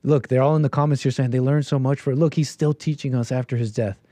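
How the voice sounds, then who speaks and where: A man's voice: mid-range voice, steady tone, fast talker, dark tone, no echo. A man hosting a livestream, talking in an opinionated, rambling way with lots of rhetorical questions. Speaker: livestream host. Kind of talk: casual commentary stream.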